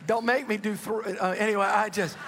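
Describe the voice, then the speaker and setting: A man in his fifties preaching a sermon with impassioned urgency, dropping at times to hushed, intimate asides. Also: high-pitched, fairly even intonation, brisk, in a large hall, a little hiss or hum. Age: 50s. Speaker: pastor.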